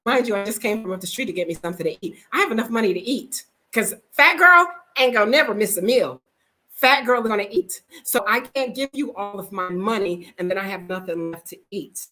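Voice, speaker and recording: Animated woman vlogger. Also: mid-range voice, a little fast, rough recording. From United States. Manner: animated, frank, acts out the people in her stories. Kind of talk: casual storytelling to camera.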